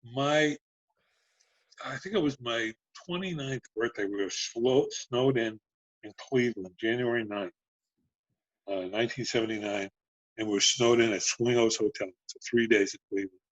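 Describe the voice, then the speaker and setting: Husky man in his sixties, telling wild road stories. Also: medium pitch, normal speed, no room sound, highs cut off. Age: 60s. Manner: profane, animated anecdotes with acted-out dialogue. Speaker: guest, former band road manager. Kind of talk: casual storytelling.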